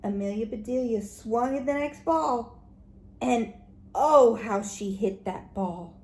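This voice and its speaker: A woman teacher reading a children's book aloud, animated and expressive, with soft whispered asides to the listeners. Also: a little high, slow pace. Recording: echoey room, faint background noise.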